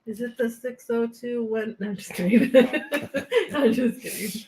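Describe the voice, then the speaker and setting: A woman's voice: on the high side, measured pace, a little mellow, slight background noise. A woman co-hosting a live podcast, chatting in light, teasing banter. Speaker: podcast co-host. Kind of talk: casual live podcast chat.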